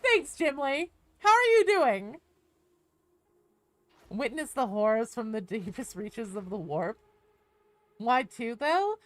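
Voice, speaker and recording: Bubbly woman streamer, swinging pitch. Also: takes it slowly, pauses often, no room sound. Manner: joking, swears, bursts into high excited greetings. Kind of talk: casual live game stream chat.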